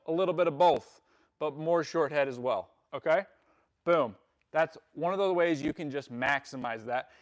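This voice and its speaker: A man's voice: fairly high pitch, a bit bright. A man coaching on a live stream, upbeat, greeting viewers and answering chat comments, often laughing and repeating words for emphasis. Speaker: fitness coach.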